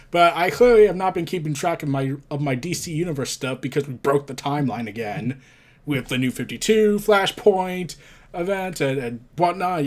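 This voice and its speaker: A man reviewing a comic book in casual commentary, reading panels aloud and breaking off into rambling, stumbling asides. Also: a little high.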